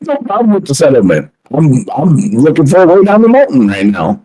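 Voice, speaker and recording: A man's voice: fairly high pitch, huge pitch swings, fairly quick, mellow, husky, poor audio. A man playing a tabletop game, joking and swearing as he comments. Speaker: player. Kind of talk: tabletop role-play chat.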